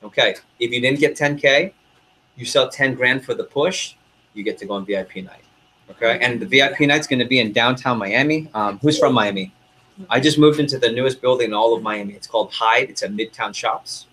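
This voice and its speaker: A young male manager pumps up his sales team, talking fast and loose with constant check-ins. His voice sits at an ordinary middle pitch. A faint hiss of room noise runs under the recording. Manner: energetic, hyping up the room with quick asides. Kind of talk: motivational sales meeting talk.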